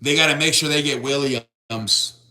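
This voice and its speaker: Young guy rambling on his sports stream, kinda high bright voice, reading chat. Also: measured pace. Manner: rambling, restarts, reads chat aloud. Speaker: sports show host. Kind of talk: casual live-stream chat with viewers.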